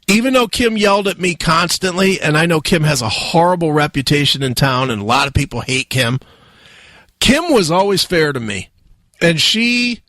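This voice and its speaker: A man hosting a radio talk show, telling a wild story loudly with lots of swearing and laughter. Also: on the high side, dry recording. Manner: loud, profane, laughing storyteller. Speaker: radio host.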